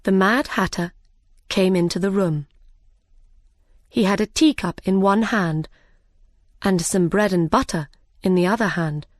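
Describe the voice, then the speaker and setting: A woman reading a children's story aloud, word by word, slow and clear. Her voice sits in a middle range, and the recording is dry and close. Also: mid-range voice, no echo. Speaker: narrator. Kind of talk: slow graded-reader narration.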